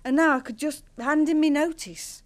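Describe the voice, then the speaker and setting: A woman's voice: high voice, moderate pace, close to an everyday voice. An actress playing a married woman breaking off an affair, emotional and hesitant. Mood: confiding. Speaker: actor in a TV drama.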